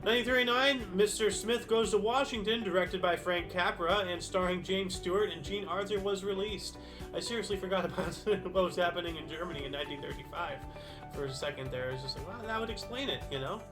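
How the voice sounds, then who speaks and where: High-voiced man hosting a history stream. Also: fairly even intonation, a little fast. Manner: reads dates brightly, then mutters loose asides. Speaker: history show host. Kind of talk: casual live-stream reading with asides. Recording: faint background music.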